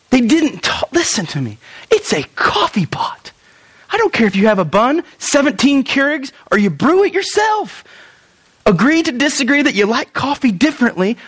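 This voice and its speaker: High-voiced animated male pastor. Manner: animated, jokey, acts out pleading quotes. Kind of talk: sermon.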